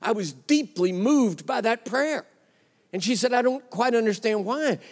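A man's voice: very high-pitched, lively intonation, measured pace. A man preaching a sermon, telling a story with quoted dialogue and an emphatic delivery. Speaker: pastor. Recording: long reverb of a large hall.

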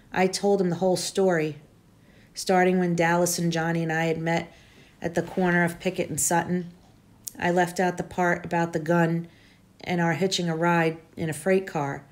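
Female teacher, lower register, reading a novel aloud to students in a plain, even delivery.

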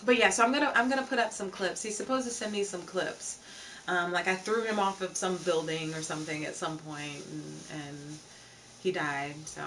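A woman's voice: on the low side, fairly bright tone. A young woman chatting casually on a live stream, greeting viewers from chat as she talks. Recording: slightly distant mic, faint background noise.

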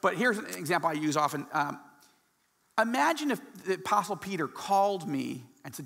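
A man giving a guest talk at a church. He is passionate and animated and often restarts his sentences. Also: high-pitched, fairly quick, creaky, long reverb tail. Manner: excitable and animated, many restarts. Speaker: guest speaker.

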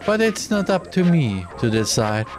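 A man's voice: a little high, big pitch swings, normal speed, faint music behind, pitched above the performer's own voice. A man putting on a gloating, sinister game-show host. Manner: gloating and mocking, showman announcements.

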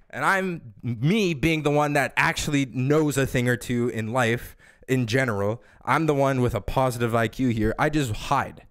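A man's voice: mid-range voice, a bit bright. A man ranting about a video game as a gaming YouTuber, exasperated and profane. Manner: exasperated, profane, acts out teammates in quick asides. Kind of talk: ranting gameplay commentary.

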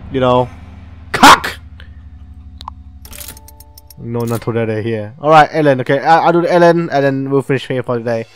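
A man with a medium-pitched, clean-toned voice hosts a gaming channel. Playing through a casual let's-play, he stays chatty, reads the on-screen game text aloud, and reacts with frequent laughter and swearing.

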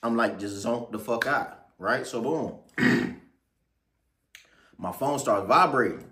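Man, mid pitch, laid-back slangy storyteller, roomy echo on the voice. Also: slow pace, bright, forceful tone. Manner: slangy, rambling, keeps asking "you feel me". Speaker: vlogger telling a story. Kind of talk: casual story time.

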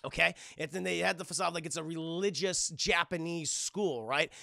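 A young man streaming, recapping a cartoon episode to his live chat in a rambling, profane, animated way. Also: a little high, normal speed, vocal fry, dry recording, studio quality.

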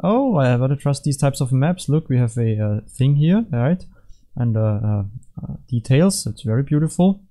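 A young man talks through custom game levels in a loose, rambling way, cracking jokes and restarting his sentences. His voice sits at an average pitch with a dark, mellow tone. He drifts between comments, half-finished thoughts and playful asides. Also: expressive, moderate pace. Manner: rambling, jokey, self-correcting, puts on silly voices. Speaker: gaming YouTuber. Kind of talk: casual gameplay commentary.

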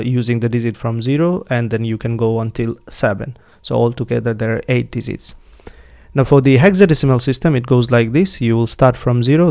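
Male tutor, Bangladeshi accent, mid pitch, patient step-by-step explainer, dry booth sound. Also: gravelly, darkish tone, dry recording. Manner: patient, repeats points with restarts. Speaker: programming tutor.

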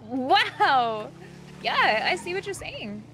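A woman's voice: high-pitched, sing-song, slow, bright, forceful tone, slight background noise. A woman role-playing in a game, chatty and playful. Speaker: gamer role-playing a character. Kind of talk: casual role-play chat.

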